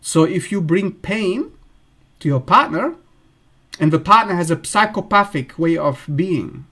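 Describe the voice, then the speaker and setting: A man's voice: high-pitched, lively intonation, measured pace, sharp tone. A man hosting an astrology channel, talking bluntly in a casual monologue and acting out the people he describes in a raised voice.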